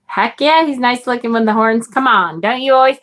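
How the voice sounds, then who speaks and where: A woman's voice: on the high side, brisk, a bit bright, a little hiss or hum. A woman hosting a live tarot stream, chatting enthusiastically and reading viewer comments aloud. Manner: enthusiastic, chatty, swears casually. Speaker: tarot livestream host. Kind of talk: casual live-stream chat.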